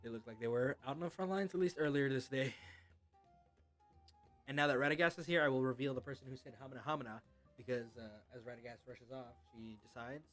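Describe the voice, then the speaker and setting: A man narrating as game master, telling a tabletop game in a casual, halting way. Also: mid-range voice, fairly bright tone, soft background music.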